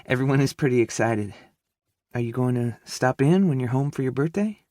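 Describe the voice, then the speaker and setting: Male narrator voicing a sweet young woman, soft Carolina coastal drawl, audiobook. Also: mid-range voice, expressive, normal speed, dry recording, studio quality, voice pushed up, natural voice. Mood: gentle. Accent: Outer Banks North Carolina drawl. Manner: soft and gentle. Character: young pregnant woman, gentle and friendly.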